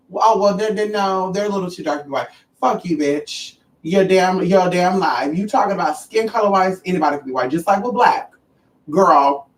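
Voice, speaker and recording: A livestream host chatting casually with viewers, sassy, animated and profane, calling listeners honey and girl. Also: mid-range voice. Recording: roomy and distant from the mic.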